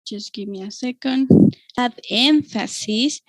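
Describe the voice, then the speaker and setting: A woman's voice: on the high side, a little slow, no echo, poor audio. A woman with a Mexican Spanish accent teaching an online English class, patiently explaining grammar and checking in with "okay?" after each point.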